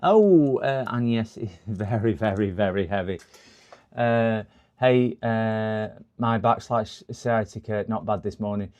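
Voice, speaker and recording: A man's voice: on the low side, takes it slowly, darkish tone, dry recording. A man chatting on a live repair stream, muttering to himself as he works and poking fun at his own mistakes. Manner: chatty, muttering while working, self-mocking.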